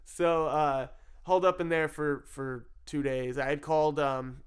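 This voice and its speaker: A man's voice: a little high, steady tone, a little slow, clear, resonant tone. A man telling a personal story in a casual, self-mocking way, swearing freely and laughing often. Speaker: storyteller recounting his addiction.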